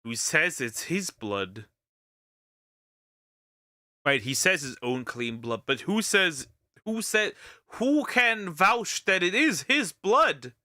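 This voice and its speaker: Male reaction streamer: high, lively, stammery and profane, bone-dry recording. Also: slow, no echo. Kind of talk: reaction commentary.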